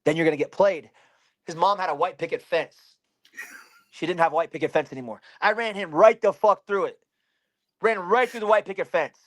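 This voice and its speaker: A man, a bare-knuckle fighter from Pennsylvania, telling a story in an interview in an animated way and swearing constantly. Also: sits high, a little fast.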